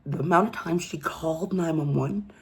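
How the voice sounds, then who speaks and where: A woman's voice: deep voice, normal speed. A woman giving a casual true crime commentary, telling the story emphatically and incredulously and often asking "okay?".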